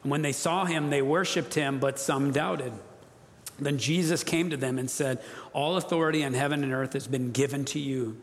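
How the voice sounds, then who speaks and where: A man's voice: medium pitch, steady tone, normal speed. A man preaching an earnest, emphatic sermon as a pastor, calling on the congregation to repeat after him. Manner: earnest, emphatic, leads congregation call-and-response. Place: church sanctuary. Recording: long reverb of a church hall.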